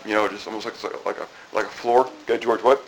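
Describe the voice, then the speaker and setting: A man's voice: lowish voice, steady tone, quick pace, a little hiss or hum, poor audio. A middle-aged man preaching a sermon in a conversational way, asking the congregation questions and often repeating and restarting phrases. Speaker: pastor.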